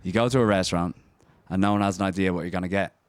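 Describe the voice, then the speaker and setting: A man co-hosts a loose, casual chat, talking quickly and swearing freely. His voice sits low, and the sound is dry and close with no room around it. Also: fairly even intonation, clean tone, no echo. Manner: loose, swearing, laughs easily. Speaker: co-host.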